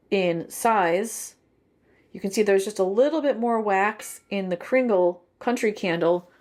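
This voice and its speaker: A woman, giving a chatty, detailed candle review and thinking aloud as she goes. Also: mid-range voice. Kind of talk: casual review vlog.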